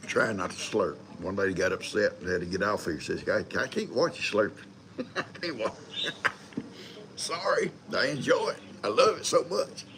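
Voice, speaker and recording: A man's voice: lowish voice, lively intonation, moderate pace, a bit bright, slight background noise. An older man hosting a live stream, rambling in a folksy way and greeting viewers one by one. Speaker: livestream host. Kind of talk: casual live chat.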